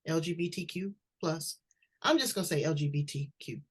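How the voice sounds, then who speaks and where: A talk show host with a low, husky voice runs an interview at a normal speed, chatting bluntly and telling animated stories while she asks her questions. It's a casual, conversational exchange.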